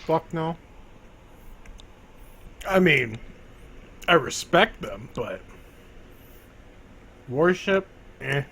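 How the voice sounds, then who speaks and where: A man's voice: fairly high pitch, sing-song, extremely slow, pauses often, sharp tone, husky. A man playing a tabletop game, joking and giving orders to the party. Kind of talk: casual in-character play.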